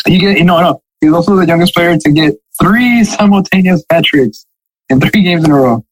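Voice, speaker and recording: A man's voice: fairly high pitch, moderate pace, dry recording, rough recording. A man co-hosting a casual soccer podcast, rambling with lots of fillers and dry sarcasm. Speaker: podcast co-host.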